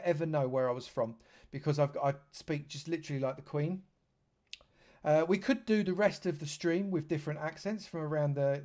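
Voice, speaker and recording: A man's voice: a little high, a little mellow. A man from London, giving chatty live commentary on a game stream and joking with dry sarcasm. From London, England.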